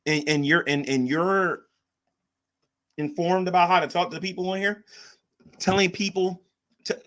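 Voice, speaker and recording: A man's voice: high voice, steady tone, moderate pace, a bit bright. A man hosting a casual livestream, rambling and repeating himself as he reacts to chat. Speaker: livestream host.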